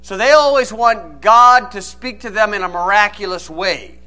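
A man's voice: high voice, normal speed, pushed and bright. A man preaching a sermon, reading old-style scripture and then explaining it plainly and with emphasis.

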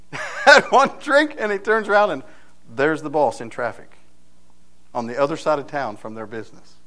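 A male preacher delivering a sermon with a somewhat high-pitched voice. He talks in a folksy, anecdotal way and keeps checking in with his listeners through quick rhetorical questions. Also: fairly bright tone.

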